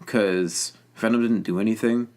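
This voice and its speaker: A man's voice: fairly low pitch, fairly even intonation, normal speed, darkish tone. A young man in casual chat, giving a blunt, unimpressed take on a movie with a friend. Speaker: movie reviewer.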